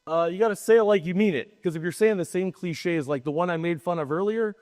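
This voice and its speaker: Man, higher register, casual podcast co-host, rambling and emphatic delivery, long reverb on the track. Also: a little fast, few pauses, darkish tone. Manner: rambling, self-interrupting, emphatic. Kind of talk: casual chat.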